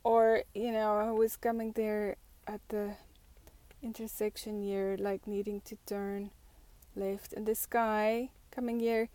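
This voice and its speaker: A fairly high-voiced woman vlogger muses out loud in an unhurried, reflective monologue. She talks slowly, full of "like" and "you know," and often restarts her sentences. The sound is dry and close, with no room echo. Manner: thoughtful, many fillers and restarts.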